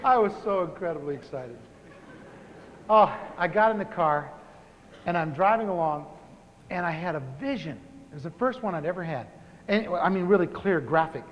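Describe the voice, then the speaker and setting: A pastor in his fifties tells his own testimony in a humorous sermon. He is an animated storyteller who repeats words for comic effect. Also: sits high, moderate pace, dull audio. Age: 50s. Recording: live talk in a reverberant hall with faint hiss.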